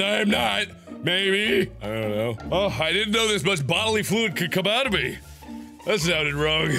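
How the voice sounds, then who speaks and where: A man doing let's play commentary, loud and exclaiming, teary and pained from wasabi burn. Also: high-pitched, creaky. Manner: loud, exclaiming, yelping in pain. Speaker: gaming video host.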